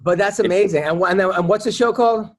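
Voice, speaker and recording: High-voiced man hosting a casual podcast. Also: fast talker. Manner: rambling storyteller with many restarts. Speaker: podcast host. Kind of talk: casual chat.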